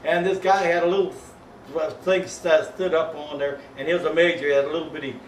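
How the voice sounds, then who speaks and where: An elderly man in his eighties recalls army days in a rambling, folksy manner, his voice sitting high for a man. He chuckles often as he talks. The recording is roomy and taken from some distance, with faint ambience behind him. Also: steady tone, brisk, a little hiss or hum. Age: 80s. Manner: rambling, folksy, peppered with "you know what I mean"; breaks into chuckles while telling stories. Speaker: World War II veteran. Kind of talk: oral history storytelling.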